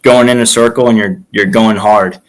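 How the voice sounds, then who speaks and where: Low-voiced young man telling stories. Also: normal speed, rough recording. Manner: animated, acts out quotes in stories. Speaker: guest, former college wrestler. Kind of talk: casual storytelling.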